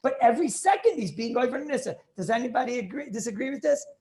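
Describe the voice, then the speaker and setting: With a very high, darkish voice, this man is animated and fast. Lecturing on religious law as a rabbi, he questions his students over a video call, speaking emphatically and thinking aloud.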